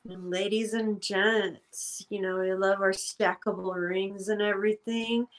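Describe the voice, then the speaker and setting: A woman's voice: medium pitch, level tone, measured pace, rough recording. Enthusiastic woman co-host chatting. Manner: enthusiastic, gushing. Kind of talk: casual livestream chat.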